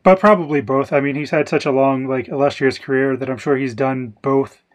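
A man's voice: medium pitch, fairly even intonation, fairly quick. A man co-hosting a podcast, discussing a film casually and second-guessing himself as he thinks aloud. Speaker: podcast co-host.

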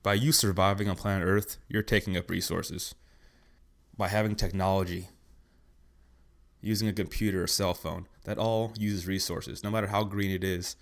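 A young man hosting a podcast, ranting bluntly in a casual, profane way. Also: low voice. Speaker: podcast host. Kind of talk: casual rant.

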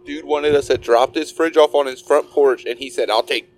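A man's voice: medium pitch, fairly even intonation, normal speed. A man in a casual podcast chat, rowdy and profane, cutting in often and laughing at his own stories. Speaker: podcast co-host.

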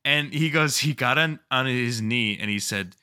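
The voice is a man's, very bright and sharp in tone. He co-hosts a podcast and swaps stories in loose, casual talk. He tells them with lively energy, curses freely and breaks into laughter as he goes. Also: mid-range voice, normal speed, clear, resonant tone. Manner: animated, profane, laughs while telling stories. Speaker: podcast co-host. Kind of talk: casual storytelling chat.

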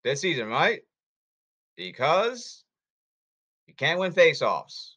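A man's voice: on the high side, big pitch swings, slow, bright, forceful tone. A man hosting a sports podcast who talks in a blunt, hectoring way and repeats himself, in a casual commentary monologue.

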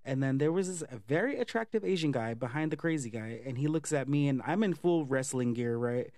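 A man telling a casual, profane story for a vlog, chatty and animated with lots of fillers. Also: mid-range voice, brisk, no echo, studio quality. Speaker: vlogger.

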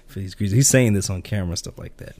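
Fairly low-pitched and a touch mellow, this male co-host talks fast on a filmmaking podcast. The film conversation is loose and rambling, with frequent restarts and filler words.

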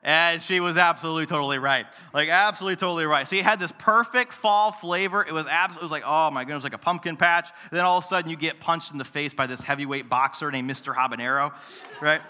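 A man's voice: on the high side, fast talker, bright, forceful tone, long reverb tail. A man preaching a sermon to his church, telling a story and asking the congregation rhetorical questions. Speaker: pastor. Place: church sanctuary.

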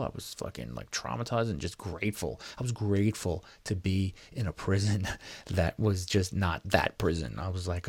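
A man's voice: low voice, moderate pace, gravelly, breathy edge, dry recording. A man casually telling a story, profane and rambling, full of fillers and restarts, sometimes acting out his own past words. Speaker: storyteller recounting prison time. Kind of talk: casual first-person storytelling.

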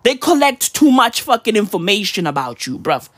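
High-voiced, rambling, slang-heavy man. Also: very animated, normal speed, dry recording. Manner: rambling, slang-heavy, swings between shouting and muttering; peppers speech with mock patois slang. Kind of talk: casual profane rant.

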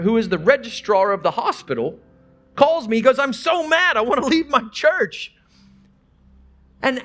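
Male pastor, middle-aged, high voice, earnest storytelling sermon delivery. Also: fairly bright tone. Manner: earnest storytelling with many restarts and quoted dialogue.

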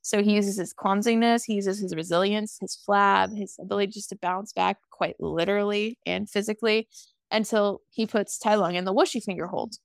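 Brief: twenties woman co-host, sassy casual recap, mid pitch, dry close sound. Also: steady tone, creaky, no room sound. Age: 20s. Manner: sassy, swears freely, acts out lines in quick voices. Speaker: podcast co-host. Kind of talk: casual movie recap chat.

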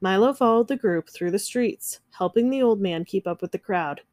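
Lady reading a kids' storybook, gentle, mid pitch, super dry close sound. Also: normal speed, dry recording. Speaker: narrator. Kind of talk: children's storybook read-aloud.

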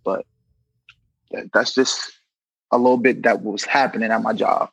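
A man who works as a correction officer, telling stories in a casual, animated way and acting out the voices of the people in them. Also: on the low side, normal speed, vocal fry, breathy edge, no echo, poor audio. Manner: animated, acts out quoted voices, fills with "you know what I mean". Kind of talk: casual storytelling in an interview.

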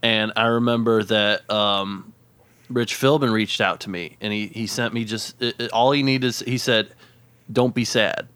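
A man's voice: on the low side, steady tone, fairly bright tone, smooth, dry recording. A man doing an earnest, spacey rapper pal. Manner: earnest, mock-spiritual, drawn-out rambling. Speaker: podcast co-host. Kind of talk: improvised comedy podcast, deadpan parody.

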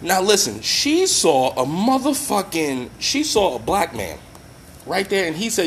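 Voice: mid-range voice, huge pitch swings, unhurried, slight background noise. A commentator in a profane, impassioned rant who talks bluntly, swears constantly and speaks straight to the listeners. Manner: heated, blunt, heavy swearing, addresses listeners directly.

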